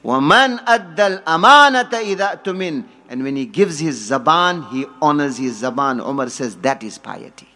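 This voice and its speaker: A man giving a sermon, telling stories, quoting Arabic, and building to forceful emphasis. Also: on the high side, animated, very fast, few pauses. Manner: storytelling, quotes Arabic, rises to forceful emphasis. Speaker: preacher.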